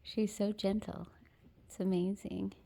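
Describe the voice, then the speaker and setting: A woman filming a casual vlog while cat sitting, talking to a kitten in sweet, high baby talk, recorded indoors at home. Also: little pitch movement, a little slow, gravelly, mellow.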